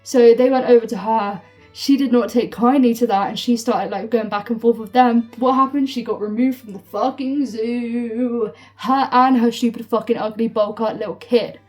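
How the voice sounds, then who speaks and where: A young woman telling a storytime vlog, swearing freely and filling her talk with "like", heated and animated. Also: on the high side, moderate pace. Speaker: storytime vlogger. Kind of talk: casual storytime rant. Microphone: phone. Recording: phone mic from a distance with faint music.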